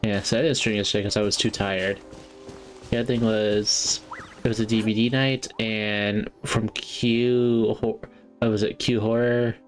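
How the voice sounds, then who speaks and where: A man with a fairly low voice reads game dialogue aloud during a stream, giving every character the same easygoing voice and breaking off to chat. He laughs often between the lines. Soft game music plays faintly behind him. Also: level tone, unhurried. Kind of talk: reading game dialogue aloud and chatting while playing.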